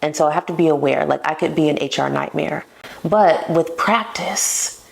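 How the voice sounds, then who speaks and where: Woman, podcast host, low voice, gravelly, playful, self-mocking, casual talk. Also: normal speed.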